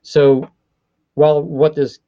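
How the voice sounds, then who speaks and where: A man's voice: fairly high pitch, level tone, slow pace, dull audio, a little hiss or hum. A man who runs a voice studio, explaining his field in a conversational interview, often stopping to rephrase. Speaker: voice studio owner.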